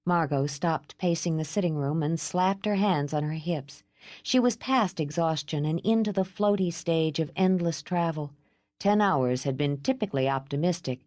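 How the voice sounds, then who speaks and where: A woman narrating a romance audiobook in an even, composed way. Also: sits low, normal speed, no echo, studio quality.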